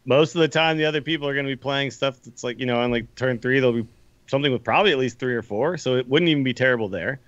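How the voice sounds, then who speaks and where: A man's voice: medium pitch, rapid-fire, a bit bright, dry recording, muffled recording. A man co-hosting a podcast in a casual, enthusiastic chat, rambling a little and laughing as he talks. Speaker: podcast co-host. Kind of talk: casual gaming discussion.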